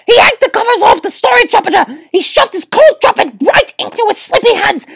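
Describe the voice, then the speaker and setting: A woman reading a picture book aloud with animated, breathless storytelling. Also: extremely high pitch, fairly quick, gravelly, hardly any pauses, no echo. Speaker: reader.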